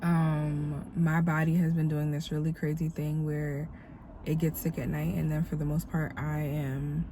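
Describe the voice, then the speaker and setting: A tired, congested woman, slightly nasal, hosts a casual devotional vlog; she's a dancer and vlogger with a reflective, encouraging manner and many fillers. Her deep, warm voice has a level tone and a slightly slow pace, with a little hiss or hum behind it.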